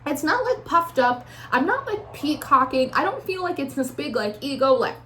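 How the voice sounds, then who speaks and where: Chatty woman tarot reader, higher voice. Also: normal speed, a little hiss or hum. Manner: chatty, many "like" fillers, swears freely; acts out the listener's feelings in a raised, animated voice. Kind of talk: casual intuitive tarot reading.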